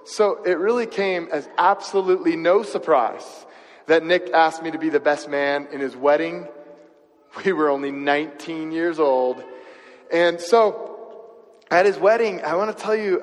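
High-voiced man preaching in an echoing hall. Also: a little slow. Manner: conversational, asks the audience questions. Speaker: pastor. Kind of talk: sermon with personal storytelling.

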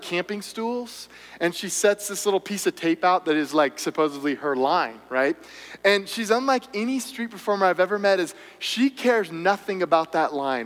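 High-pitched guy telling stories to an audience, chatty, lots of "right?", echoing big hall. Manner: animated, chatty, frequent tag questions and fillers. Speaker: speaker addressing a live audience. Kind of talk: storytelling talk to an audience.

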